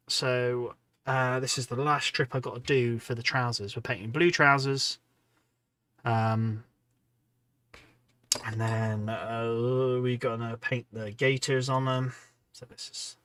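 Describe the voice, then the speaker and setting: A man's voice: mid-range voice, sharp tone, slight background noise. Tired, rambling man. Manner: rambling, chatty, many ums and restarts, reading out chat. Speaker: hobby livestream host. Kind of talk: casual livestream chat while painting miniatures.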